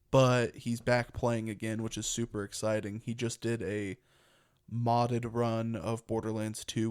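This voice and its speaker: A man's voice: on the low side, a little mellow, clear, resonant tone. A young man co-hosting a casual podcast, talking in a rambling, chatty way and laughing often. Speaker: podcast co-host.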